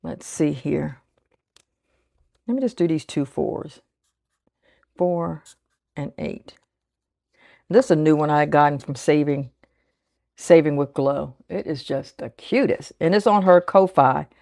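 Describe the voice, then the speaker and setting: Low-voiced woman in her sixties, chatting. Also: a little slow, creaky, long pauses, dark tone, dry recording, studio quality. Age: 60s. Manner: chatty, thinks aloud, counts bills under her breath. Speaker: budgeting vlogger. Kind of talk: casual chat while cash stuffing.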